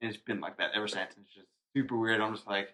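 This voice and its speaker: A man's voice: fairly low pitch, fairly even intonation, fast talker, sharp tone. A young man co-hosting a podcast, telling a story in casual, rambling chat and laughing at himself. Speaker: podcast co-host.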